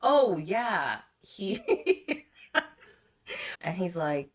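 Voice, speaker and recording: A woman's voice: lowish voice, big pitch swings, drawn-out words, pauses often. A woman talking casually about a film with her brother on a podcast, chatty and laughing often. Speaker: podcast guest. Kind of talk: casual movie discussion.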